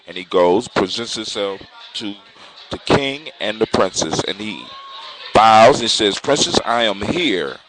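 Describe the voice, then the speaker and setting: A man telling a fairy tale in a relaxed, conversational way, with loose restarts. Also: on the low side, measured pace. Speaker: storyteller. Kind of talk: casual oral storytelling. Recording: noisy recording with clicks.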